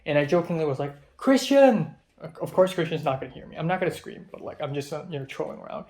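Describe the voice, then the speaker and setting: A young adult man, a native Cantonese speaker whose voice sits slightly high, vlogs in a casual way, rambling through his story. He fills pauses with ums and restarts sentences as he goes, keeping a steady, slightly mellow tone.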